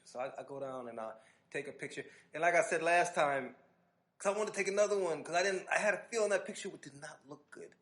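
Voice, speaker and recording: A man hosting a podcast, telling an animated, casual story full of restarts and asides. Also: a little high, fast talker. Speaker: podcast host.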